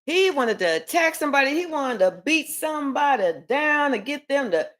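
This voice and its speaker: Woman tarot reader, casual live stream, rambling and profane, slightly high voice. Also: big pitch swings, normal speed, a bit bright. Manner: rambling, chatty, swears freely.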